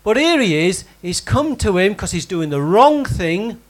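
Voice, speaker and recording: A man's voice: sits high, very animated, measured pace. A man preaching a sermon, talking conversationally and putting questions to the congregation by name. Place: church hall with congregation.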